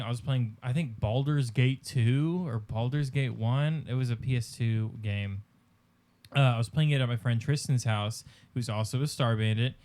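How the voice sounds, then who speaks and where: A young man hosting a podcast, telling a childhood story in casual chat with lots of ums and pauses. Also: medium pitch, clean tone. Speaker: podcast host.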